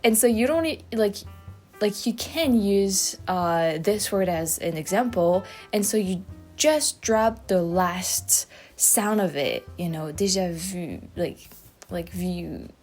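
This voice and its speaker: This young French YouTube host, French-accented, chats casually and emphatically to camera in an explainer, restarting often. She speaks slowly in a mid-range, slightly mellow voice, with faint music behind her.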